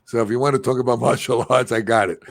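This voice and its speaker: A man's voice: mid-range voice, steady tone, fast talker, vocal fry, slight background noise. A man hosting a podcast, talking in an enthusiastic, rambling, casual way. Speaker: podcast host. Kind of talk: casual chat.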